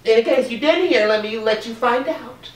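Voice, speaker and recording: A woman's voice: on the high side, moderate pace. A woman hosting a casual talk show, sassy and affectionate, calling her guest honey. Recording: echoey room, distant mic, faint noise.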